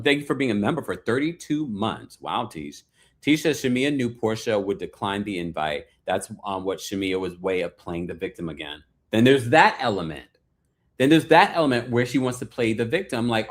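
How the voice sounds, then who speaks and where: A man's voice: medium pitch, a bit bright. A man hosting a reality TV recap, chatting playfully with sassy asides and reading out viewer super chats. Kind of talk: casual chat.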